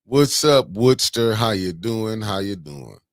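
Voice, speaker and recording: A man hosting a casual morning livestream, greeting viewers by name with slangy, animated banter. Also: fairly low pitch, slow, no echo, clean studio sound. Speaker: livestream host.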